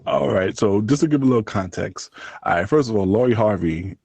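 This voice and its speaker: Husky, lively podcast co-host man. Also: a little fast, no echo. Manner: laughing, teasing, lively swings in pitch. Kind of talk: casual crude banter.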